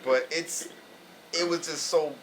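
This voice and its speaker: A man hosting a reaction video in casual, slangy chat, animated and laughing often. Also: a little high, slow pace, a little hiss or hum, low-quality recording.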